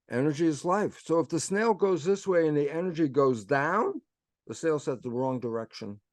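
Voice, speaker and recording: Animated man quoting himself, crisp and dry. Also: a little high, dry recording. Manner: animated storyteller who acts out quoted dialogue; frequent self-quoting with "I say" and "I go". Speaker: guest speaker. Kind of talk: explanatory conversational talk.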